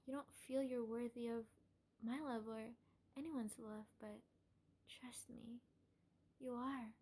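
A high, very breathy voice murmurs slowly in whispered role-play, a young woman playing a possessive kidnapper who dotes on her captive. The tone is mellow and soft, coaxing and tender, and the pace is unhurried. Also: fairly even intonation, heavily acted. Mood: doting. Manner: gentle, coaxing, calls listener darling. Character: obsessive doting female kidnapper, soft and possessive. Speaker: audio role-play performer.

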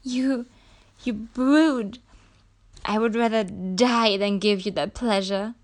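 A woman voicing a proud, defiant young captive princess in an adult audio role-play, breathy and gasping as she pleads. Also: mid-range voice, fairly even intonation, slow, lightly acted.

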